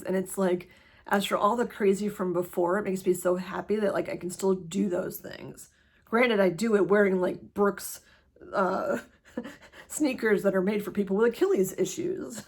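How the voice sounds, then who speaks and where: A woman talking casually to camera in a personal vlog, rambling with lots of fillers and a hurried pace. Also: mid-range voice, breathy edge. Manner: rambling, many fillers, laughs often. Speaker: vlogger sharing her cancer journey.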